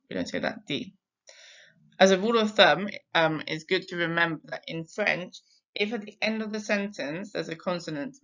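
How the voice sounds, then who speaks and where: A woman French teacher giving a recorded lesson, reading sentences slowly and twice for dictation and explaining silent letters. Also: sits low, a bit bright, lo-fi sound. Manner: slow, carefully spaced dictation in French.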